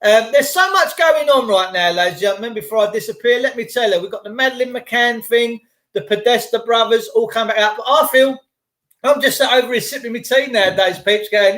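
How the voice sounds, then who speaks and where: A man's voice: extremely high pitch, brisk, bright, forceful tone. A middle-aged English man ranting casually to live-stream viewers in a blunt, sweary, conspiratorial way.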